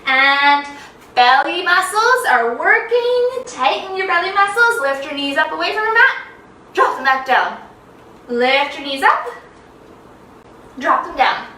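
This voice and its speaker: Young female kids' yoga teacher, slow and playful, roomy echo with faint noise behind. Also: high voice, very animated, far from the mic. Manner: bright, playful, sing-song teacher voice with animal sounds. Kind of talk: children's yoga lesson.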